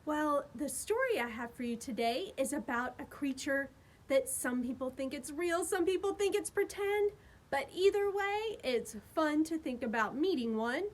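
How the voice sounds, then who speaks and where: A woman's voice: high-pitched, expressive, moderate pace. A woman, a children's librarian, reading a picture book aloud at storytime in a sing-song voice made big for young listeners.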